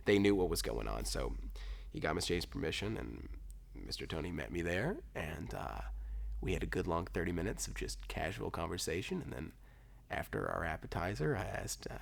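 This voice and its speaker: Young man, earnest storyteller, lively intonation, gravelly. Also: deep voice. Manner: earnest, sincere, halting with fillers. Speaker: groom-to-be telling the proposal story. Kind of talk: casual storytelling.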